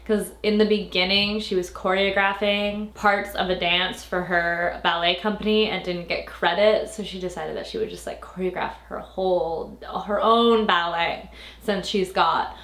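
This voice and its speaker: A woman's voice: fairly low pitch, fairly even intonation, measured pace, fairly bright tone. Young woman, book reviewer, casual and rambling, roomy echo. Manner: rambling, lots of filler "like"s, playful. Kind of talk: casual chat.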